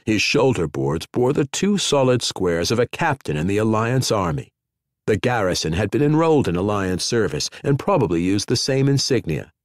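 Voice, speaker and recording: Low-voiced lively male audiobook narrator. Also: moderate pace, dry recording, clean studio sound. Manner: expressive storytelling. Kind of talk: scripted narration.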